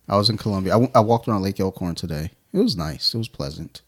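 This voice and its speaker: A man's voice: lowish voice, expressive, fast talker, fairly bright tone, slightly rough. A man co-hosting a beer podcast, telling stories in casual profane chat and acting out quoted lines. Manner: profane, storytelling with mimicked quotes. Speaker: podcast co-host. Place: home studio.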